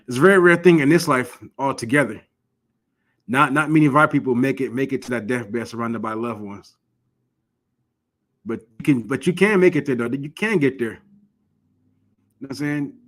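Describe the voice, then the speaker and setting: A man from Michigan teaches an informal, earnest class on religious law, urging his listeners directly and often restarting his phrases. His mid-range voice is a bit bright, and he speaks at a moderate pace with long pauses.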